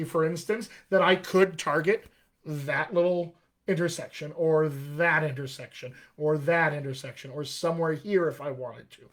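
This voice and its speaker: Male dialect coach, slightly raised pitch, teaching vowels live and modeling sounds for viewers. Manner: demonstrates vowel sounds, addresses viewers as friends. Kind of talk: live-streamed accent lesson.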